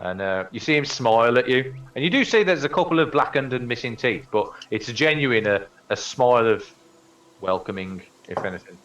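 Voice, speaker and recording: A man's voice: mid-range voice, lively intonation, fairly quick, a bit bright, far from the mic, muffled recording. A man narrating a tabletop game as game master in a casual, hesitant way.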